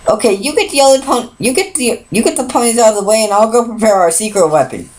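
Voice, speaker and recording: A woman's voice: a little high, lively intonation, fast, a little mellow, pitched above the performer's own voice, lightly acted, low-quality recording. A woman voicing a hyper, bubbly female pink pony from a fan story, bouncy and playful in the way she talks. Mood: bossy.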